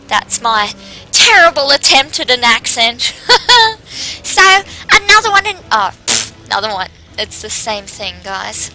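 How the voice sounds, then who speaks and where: A woman's voice: high voice, very animated, measured pace, bright, forceful tone, faint music behind, low-quality recording. A woman casually playing a video game, reading the quest text aloud and chatting with asides. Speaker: game streamer.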